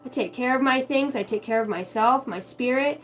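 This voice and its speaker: A woman's voice: sits high, moderate pace, faint music behind, rough recording. A woman giving a casual, heartfelt spiritual monologue, candid and swearing freely. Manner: acts out quoted voices in her stories. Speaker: spiritual vlogger.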